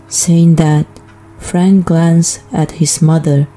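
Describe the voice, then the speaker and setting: A woman narrating a first-person family drama story in a flat, even reading voice. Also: fairly low pitch, slow, soft background music.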